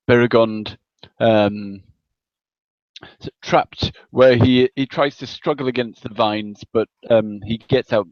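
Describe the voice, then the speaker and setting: A man playing a tabletop game, slowly and haltingly narrating his character's moves. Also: mid-range voice, steady tone, dry recording. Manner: slow, halting narration with ums. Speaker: player. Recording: dull, dry lo-fi mic.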